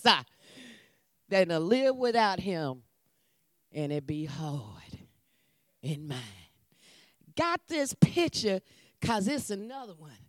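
A woman preacher, leading a sermon with call and response and swinging from loud calls to hushed whispers. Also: high-pitched, dry recording, clean studio sound.

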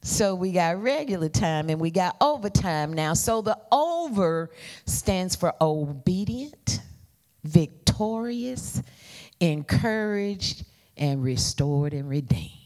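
A woman preaches a sermon with a lively voice that swoops high and low. She speaks slowly and draws out her words, playfully calling on the congregation to repeat after her. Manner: playful, calls for congregation responses.

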